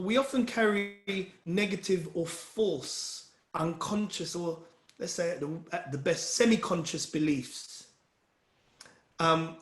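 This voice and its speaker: A man with a fairly high voice gives an earnest motivational talk and keeps turning to his listeners to encourage them. His voice carries a noticeable echo from the room. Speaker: wellbeing speaker leading a session.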